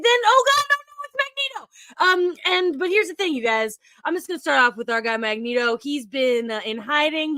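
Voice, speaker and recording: A woman co-hosting a podcast, recapping a movie in a rambling, excitable, playful way. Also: very high-pitched, dry recording. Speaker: podcast co-host recapping a film. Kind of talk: casual podcast chat.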